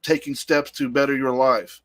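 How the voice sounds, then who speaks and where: A man's voice: mid-range voice, flat delivery, moderate pace, a bit bright, no room sound. Rambling male podcast host. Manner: rambling, repeats words. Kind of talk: casual chat.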